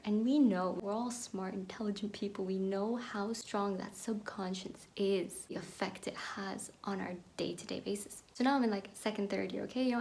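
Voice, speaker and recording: A young woman from Pakistan telling a personal story in a candid, animated monologue that drops into whispered asides. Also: medium pitch, vocal fry. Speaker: podcast host.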